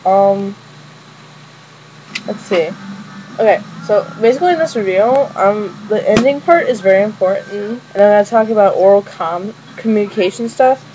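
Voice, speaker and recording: Young woman, excited fan, rambling casual review, many ums, dull webcam audio. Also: mid-range voice, normal speed, slight background noise.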